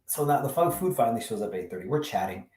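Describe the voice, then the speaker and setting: A man in real estate telling a dating story to camera, wry and animated with dry sarcastic asides. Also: medium pitch, racing, far from the mic. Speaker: real estate agent sharing a tip-of-the-week video. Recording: roomy sound, mic set back.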